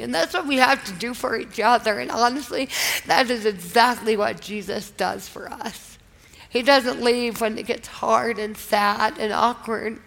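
A woman's voice: on the high side, vocal fry, a bit bright, big-room sound, low-quality recording. A woman giving an earnest, emotional personal testimony at a live faith event, talking in a casual storytelling way. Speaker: guest speaker.

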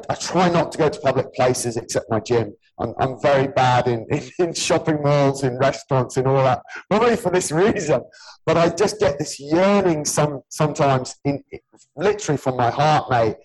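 The podcast host, a gym owner and personal trainer in his early forties, has a slightly high voice with a breathy edge and speaks at a normal speed. The recording is low quality. Blunt and earnest in the casual chat, he swears freely and keeps saying "mate" to the other man.

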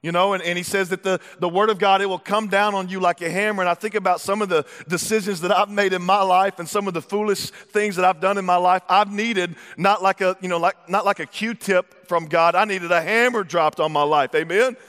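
A man preaching a sermon as pastor, lively and conversational, with repeated words and acted-out asides. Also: high voice, fairly quick, hardly any pauses, smooth. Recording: long hall reverb.

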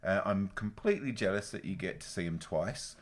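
A man co-hosting a casual podcast chat, sweary, teasing and animated. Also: low-pitched, brisk. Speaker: podcast co-host.

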